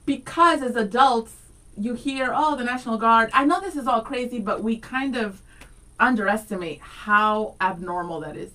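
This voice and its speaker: A woman's voice: fairly high pitch, normal speed, pushed and bright, far from the mic, rough recording. A woman in her thirties co-hosting morning radio, chatty and laughing often, with a light Latina and East Coast accent. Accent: light Latina and East Coast mix. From Afro-Dominican background. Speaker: radio co-host. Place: radio studio.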